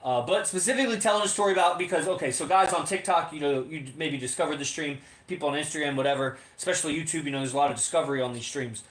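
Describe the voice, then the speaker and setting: A man's voice: fairly high pitch, racing, few pauses. Rambling profane man in a roomy space. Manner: rambling and profane, lots of fillers. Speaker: podcast co-host. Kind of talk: casual livestream monologue. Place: home in Las Vegas. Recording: roomy echo.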